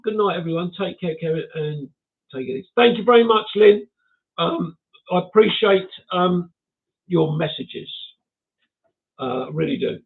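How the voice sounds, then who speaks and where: An older man reads out viewer comments on a casual livestream, laughing softly and making self-mocking remarks as host. His voice is fairly high and gravelly, coming through tinny, phone-like audio.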